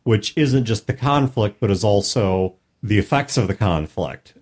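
A man's voice: fairly low pitch, animated, a little slow, a little mellow, husky. A man co-hosting a podcast, thoughtfully explaining the story elements of a game. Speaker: podcast co-host. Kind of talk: casual podcast chat.

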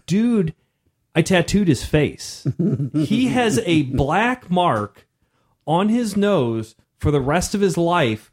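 A man's voice: on the high side, slow pace. A man in his thirties telling a story in casual podcast chat, acting out voices as he goes. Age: 30s. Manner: animated, acts out voices in his stories. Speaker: podcast co-host.

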